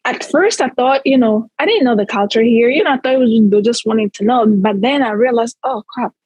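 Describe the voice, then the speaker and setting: Husky-voiced woman telling animated stories. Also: a little high, fairly quick, no echo, poor audio. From Central Africa. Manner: animated, tells stories in long chains of "so". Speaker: guest. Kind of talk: casual storytelling.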